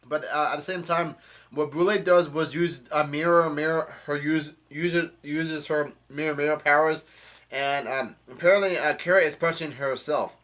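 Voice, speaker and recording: A man's voice: a little high, fairly even intonation, moderate pace, fairly bright tone. A man casually recapping a comic chapter, rambling with many fillers and restarts. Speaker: channel host.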